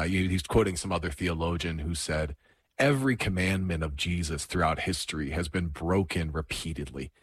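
A man hosting a casual interview, asking thoughtful questions and affirming his guest. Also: sits low. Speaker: host.

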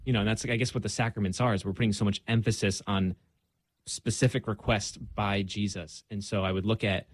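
A man's voice: lowish voice, fairly even intonation, fairly quick, no echo. A young man speaking as a guest in a casual conversation, earnest and reflective, with frequent fillers.

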